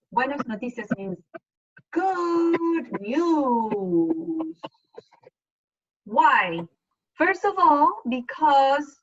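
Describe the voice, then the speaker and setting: A woman's voice: high voice, fairly bright tone, dull audio. A woman teaching a Spanish class over a video call, explaining patiently and step by step. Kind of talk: online class lesson.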